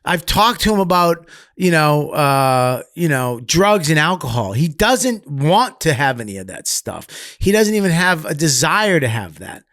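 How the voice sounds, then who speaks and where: A man, a comedian guest on a podcast, telling candid stories in a profane, animated way, swinging between loud bursts and quiet asides. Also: on the high side, a little slow, no echo, clean studio sound. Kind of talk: candid storytelling.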